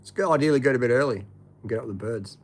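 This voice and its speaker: A man's voice: mid-range voice, racing. A man co-hosting a casual livestream, blunt and teasing. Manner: blunt, teasing, egging others on. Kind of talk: casual chat.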